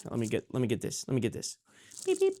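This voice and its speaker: A man's voice: mid-range voice, wildly swooping pitch, fast talker, dark tone, dry recording. A man streaming live from home, chatting casually and cooing in playful baby talk to his cat, swearing freely. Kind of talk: casual livestream chat.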